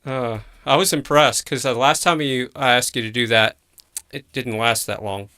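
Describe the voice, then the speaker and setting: Male livestream host, casual, curious and halting; bright, crisp tone. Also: medium pitch. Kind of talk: casual live chat.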